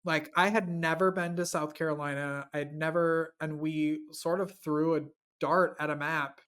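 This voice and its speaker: A man co-hosting a podcast in casual chat, quick and enthusiastic. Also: a little high, fairly even intonation, fairly bright tone, smooth. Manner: chatty, quick, enthusiastic asides. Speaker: podcast co-host.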